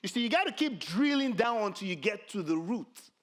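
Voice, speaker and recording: A middle-aged man, a pastor preaching a sermon with animated, self-mocking humor and a habit of saying "you see". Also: sits high, fairly quick. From Nigeria.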